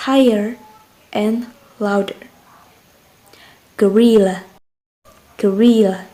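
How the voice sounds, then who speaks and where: A woman's voice: a little high, dark tone, low-quality recording. A young woman with an Indonesian accent, a student patiently explaining word stress and speaking to the viewer. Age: young adult. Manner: patient, addresses the viewer directly. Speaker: student presenter. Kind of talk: explanatory lesson.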